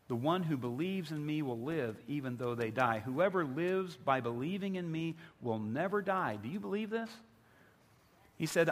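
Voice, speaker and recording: A man's voice: a little high, expressive, moderate pace. A male pastor preaching a sermon, building with emphatic repetition. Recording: long hall reverb.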